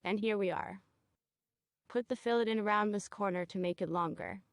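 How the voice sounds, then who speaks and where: A woman teaching a cosmetology procedure, guiding a student step by step and checking in with quick questions. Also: medium pitch, no echo, studio quality. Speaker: cosmetology instructor. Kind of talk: hands-on training demonstration.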